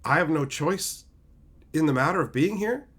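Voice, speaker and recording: Guy voicing a confused young woman new hire, quiet and baffled, asking what's going on. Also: on the high side, lively intonation, moderate pace, breathy edge. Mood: bewildered. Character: bewildered young woman, newly hired.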